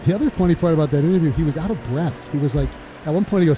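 A man calling a baseball game play-by-play, chatty and laughing between pitches. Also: moderate pace, dull audio, noisy background. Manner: chatty, laughs between calls, gets loud and excited on big plays. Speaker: play-by-play announcer.

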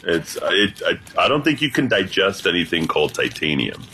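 A man with a deep voice talking with animated energy as a regular guest on a late-night American radio show. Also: normal speed, slight background noise. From United States. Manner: deep voice remarked on by host, lively delivery.

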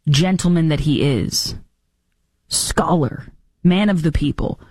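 A woman's voice: deep voice, takes it slowly, a little mellow, husky, dry recording, clean studio sound. Sarcastic woman talk show host. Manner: mocking, sarcastic, puts on silly voices for impressions. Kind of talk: sarcastic political commentary.

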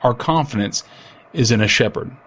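A man, an associate pastor, giving an earnest radio sermon in a measured way, slowing down for key lines. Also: medium pitch, a bit bright, breathy edge. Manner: earnest, measured preaching with slow emphatic quotes.

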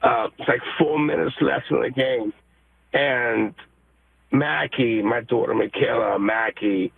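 A man from New York calls in to a radio show, his voice hoarse, gravelly and raspy. He comes through a thin, tinny phone line, excited and emotional, stumbling over his words with plenty of fillers. The line is dry and close. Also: mid-range voice, takes it slowly, dry recording. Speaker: caller. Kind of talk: radio call-in.

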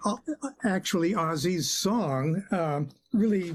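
A man being interviewed on late-night radio, answering thoughtfully with many pauses and fillers. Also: high-pitched, slight background noise. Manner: hesitant, many uhs, thoughtful, chuckles. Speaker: guest, author and singer-songwriter.

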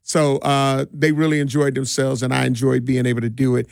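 A middle-aged man who works as a DJ tells stories in a relaxed, rambling way during a casual interview, with frequent restarts and laughs. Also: medium pitch, a little fast, gravelly, no echo, clean studio sound. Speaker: DJ and community party organizer.

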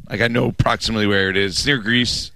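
A man's voice: lowish voice, fairly even intonation, fast, creaky, sharp tone, dry recording. A man co-hosting a sports radio show, joking and arguing his points, often repeating words as he goes. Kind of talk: casual sports radio chat.

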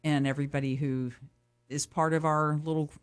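A woman's voice: sits low, flat delivery, fairly quick, smooth. A woman from an animal shelter's board, a guest on a radio chat, talking cheerfully and laughing easily. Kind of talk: casual radio interview.

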